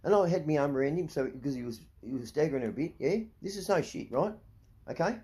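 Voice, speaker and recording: A man's voice: on the high side, lively intonation, fast, a little mellow. A middle-aged Australian man ranting to camera, blunt and profane, repeatedly asking "right?" as he talks. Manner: heated, indignant. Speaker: vlogger.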